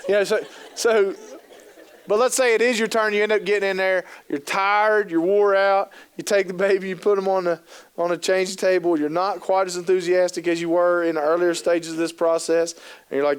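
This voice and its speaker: A man in his thirties with a high, flat-delivered voice and a clean tone gives a humorous keynote on youth work in a conference hall at normal speed. He jokes, tells stories, and acts out quoted voices, dropping lots of casual fillers along the way.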